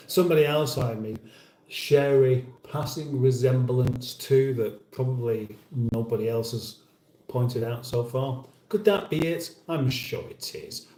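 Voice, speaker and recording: A man's voice: medium pitch, warm tone, reverberant, poor audio. Wry, weary British man hosting a live chat. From United Kingdom. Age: middle-aged. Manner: dry, wry and chatty, with mock-formal phrasing. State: a little weary. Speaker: livestream host. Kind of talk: casual live chat reading out viewer comments.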